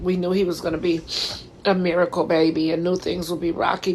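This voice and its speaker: A woman's voice: lowish voice, a little hiss or hum, poor audio. A woman in her thirties, livestreaming from home into her phone in a casual, heartfelt chat, talking straight to her viewers.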